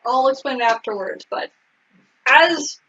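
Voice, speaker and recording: High husky-voiced woman chatting on lo-fi audio. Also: measured pace, fairly bright tone. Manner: chatty, chiming in with quips and questions. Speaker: podcast co-host. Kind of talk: casual recap chat. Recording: dull lo-fi recording.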